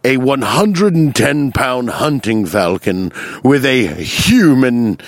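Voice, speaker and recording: A man voicing a pompous upper-class British gentleman with a put-on British accent, in slow, grand, mock-formal speech. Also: mid-range voice, lively intonation. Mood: grandly formal.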